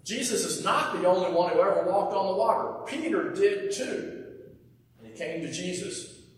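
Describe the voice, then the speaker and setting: A man preaching a sermon in an earnest, conversational way, often sinking to a soft hush at the ends of phrases. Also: sits high, expressive, moderate pace. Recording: echoey hall, mic from far off.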